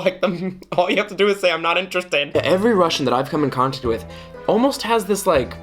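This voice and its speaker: A man's voice: fairly high pitch, expressive, fast talker, a bit bright. Brief: playful guy, storytime vlog, theatrical delivery, light music bed. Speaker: vlogger telling a dating story. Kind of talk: animated storytime monologue.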